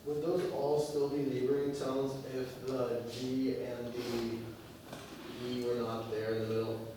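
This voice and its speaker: A man's voice: medium pitch, flat delivery, takes it slowly. A male student asking his teacher a tentative question in class. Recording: distant voice in an echoey classroom with noise.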